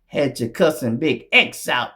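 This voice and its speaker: A man's voice: medium pitch, expressive, measured pace, sharp tone. A man from Memphis, hosting a blunt, profane commentary monologue that mocks its target. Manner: blunt, profane, mocking, acts out others' voices. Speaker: show host.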